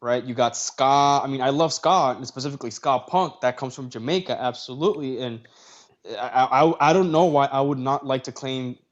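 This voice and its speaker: A man's voice: mid-range voice, moderate pace. A man hosting a casual podcast chat, talking in an opinionated, rambling way with restarts. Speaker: host. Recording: slightly dull audio with faint noise.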